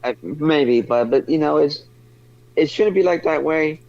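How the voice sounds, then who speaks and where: A man's voice: on the high side, measured pace, gravelly, darkish tone. A man chiming in as an off-mic co-host, speaking hesitantly with stammered restarts. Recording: dull lo-fi sound, away from the mic.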